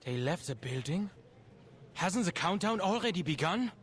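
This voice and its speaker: Dry young male cryptographer, measured, fairly high voice, game dialogue. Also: expressive. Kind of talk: game voice acting.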